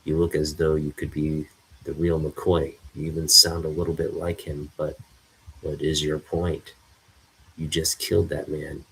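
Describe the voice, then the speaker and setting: A man's voice: rumbling low, little pitch movement, unhurried, a bit bright, slight background noise, heavily acted, rough recording. A man as a blunt armored hero. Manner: blunt, accusing. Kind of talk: reading a comic aloud.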